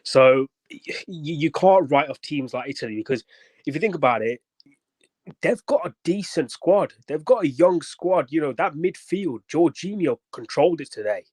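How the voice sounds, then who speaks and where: A man's voice: on the high side, animated, normal speed, darkish tone, no room sound. A man calling into a football show, giving a rambling match reaction full of fillers. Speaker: caller.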